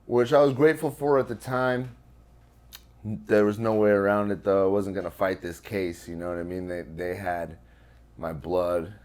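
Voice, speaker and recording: Low-voiced man telling a rough story. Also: fairly even intonation, normal speed, a little mellow. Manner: loose and profane, many fillers. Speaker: interview guest. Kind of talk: casual storytelling.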